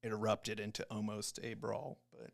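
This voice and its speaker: A young man, a Navy corpsman and podcast guest, telling a story in a casual, animated way, full of swearing and acted-out quotes. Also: on the low side, normal speed, creaky. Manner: profane, animated, acts out quoted voices.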